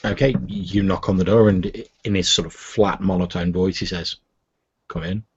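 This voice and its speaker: A man's voice: sits low, steady tone, moderate pace, slightly rough. A man narrating a tabletop game as game master, in loose narration full of "sort of". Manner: loose, filler-heavy narration. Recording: muffled lo-fi recording.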